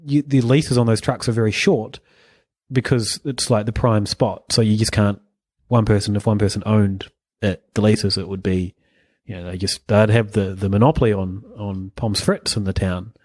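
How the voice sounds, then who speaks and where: A man co-hosting a podcast in casual chat, rambling with quick chuckling asides. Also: fairly low pitch, fairly even intonation, a little mellow, no room sound, clean studio sound. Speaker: podcast co-host.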